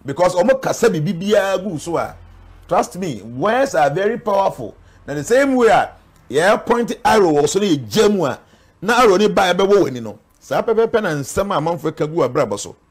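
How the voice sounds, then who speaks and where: A man's voice: sits high, very animated, moderate pace, slightly rough. A man with a Ghanaian accent, a spiritual guest speaking earnestly in an interview, warning and preaching. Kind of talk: interview talk mixing Twi and English.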